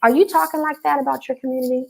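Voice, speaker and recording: Speaking very fast with some vocal fry, a woman with a fairly high voice coaches business owners live. Her energetic delivery leans on repetition and call-and-response with viewers, over a faint hiss or hum.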